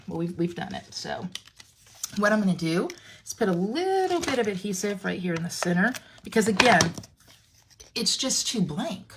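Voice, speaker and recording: A woman's voice: mid-range voice, fairly bright tone, a little hiss or hum. Chatty woman hosting a crafting livestream. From Canada. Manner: chatty, answers viewer comments, frequent fillers and restarts. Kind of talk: casual livestream chat while crafting. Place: home craft room. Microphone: phone camera.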